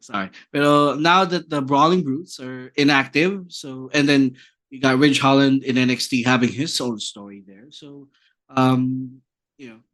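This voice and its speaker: A man co-hosting a wrestling podcast, chatting casually and switching between languages with halting restarts. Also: medium pitch, fairly bright tone. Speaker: podcast co-host. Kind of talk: casual chat.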